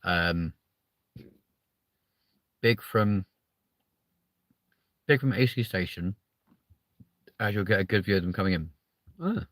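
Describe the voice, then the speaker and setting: Low-voiced chatty man, bright tone. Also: takes it slowly, pauses often, no room sound. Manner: chatty, swears freely, lots of ums. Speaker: live stream host reading chat. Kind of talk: casual live-stream chat.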